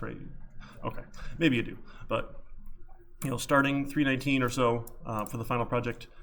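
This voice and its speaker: Gravelly-voiced male programming instructor. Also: medium pitch, a little hiss or hum. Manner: chatty, filler-heavy, repeats "right?". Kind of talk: casual classroom lecture. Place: classroom.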